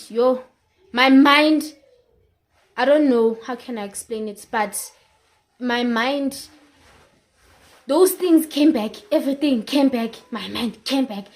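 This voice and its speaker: A young woman with a South African accent talks into her camera in a personal life-update vlog. She speaks slowly in a somewhat high voice. She tells her story emotionally, circles back on the same phrases, and drops isiZulu words into her English. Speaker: vlogger.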